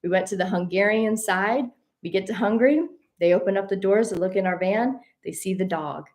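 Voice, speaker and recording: Animated woman telling a story. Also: medium pitch, brisk. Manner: animated, addresses listeners as y'all. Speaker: host. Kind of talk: casual storytelling.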